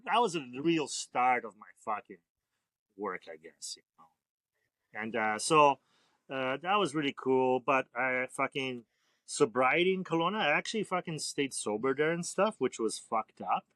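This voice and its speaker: A man with a mid-range voice spins long, loose stories as a podcast guest, swearing freely and drifting between asides. His delivery is relaxed and rambling. The sound is close and dry, with no room around it. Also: mid-range voice, unhurried, no echo. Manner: laid-back, profane, rambling. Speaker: tattoo artist guest. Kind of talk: casual storytelling interview.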